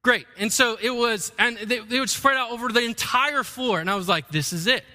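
A man preaching a sermon as the pastor, telling stories with animated delivery and acting out the quotes. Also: extremely high pitch, normal speed, long reverb tail. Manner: animated storytelling, acts out quotes.

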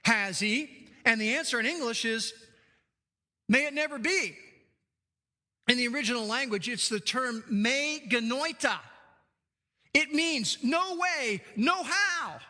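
Male preacher, very high, forceful voice, stressing points by repetition. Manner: emphatic, repeats key phrases for stress. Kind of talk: sermon. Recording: long hall reverb.

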